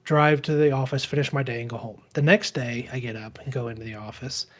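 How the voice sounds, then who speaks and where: A man's voice: medium pitch, steady tone, fast talker, a bit bright. Guy around 40 on a podcast, rambly storytelling, keeps restarting sentences. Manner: rambling, self-correcting storyteller who acts out quoted dialogue. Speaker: podcast co-host. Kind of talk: casual storytelling chat.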